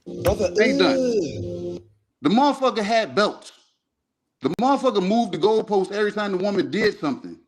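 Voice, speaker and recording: A man's voice: sits high, a little fast, faint music behind. Heated, profane man arguing sports. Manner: profane, animated, repeats himself. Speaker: podcast co-host.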